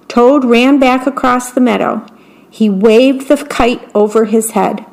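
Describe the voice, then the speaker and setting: A woman volunteer radio broadcaster reading a children's bedtime story in a clear, measured way. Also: on the high side, a little mellow.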